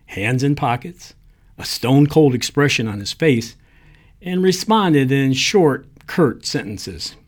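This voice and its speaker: A man narrating a short story aloud in a lively storytelling manner, giving the characters their lines. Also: mid-range voice, husky. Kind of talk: reading short fiction aloud.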